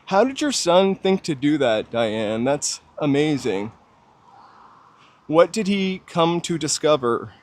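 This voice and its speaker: A man's voice: a little high, sing-song, slow. A man with a General American accent, hosting a walking livestream outdoors on a city street and chatting casually while answering his viewers' comments. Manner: chatty, musing aloud, answering viewers' chat. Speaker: walking tour livestream host.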